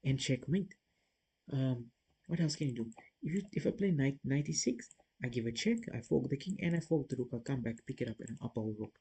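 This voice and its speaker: A man's voice: mid-range voice, animated, brisk, vocal fry, mellow, husky, poor audio. A man streaming chess, thinking aloud as he works through puzzle moves and talks casually to his viewers. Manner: self-critical, talks to viewers.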